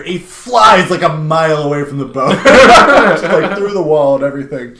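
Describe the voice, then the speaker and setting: A man's voice: on the high side, normal speed, hardly any pauses. Young man rambling through a comic recap. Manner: rambling, animated retelling with many "like" fillers. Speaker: podcast host. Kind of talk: casual chat. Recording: roomy room.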